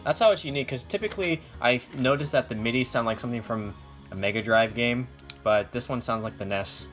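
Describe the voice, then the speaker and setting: A man's voice: medium pitch, brisk, fairly bright tone, soft background music. A man reviewing an old laptop in a casual vlog, ranting and swearing about resale prices. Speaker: retro computer vlogger.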